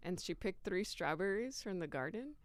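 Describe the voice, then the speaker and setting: A woman's voice: medium pitch, animated, normal speed, no room sound. A woman comedian, a podcast guest in casual chat, bubbly and dropping into voices. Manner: bubbly, puts on voices mid-story.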